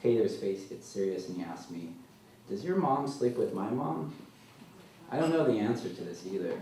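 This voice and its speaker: A man as an author at a live literary reading, telling his story in a dry, deadpan way, recorded from far off in a large hall. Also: sits low. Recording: echoey hall, mic far off, faint noise.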